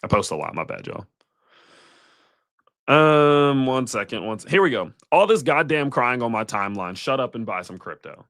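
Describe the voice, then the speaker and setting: A man hosting a live crypto market stream, talking in a blunt, animated and profane way. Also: mid-range voice, normal speed, dry recording, studio quality. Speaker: crypto livestream host.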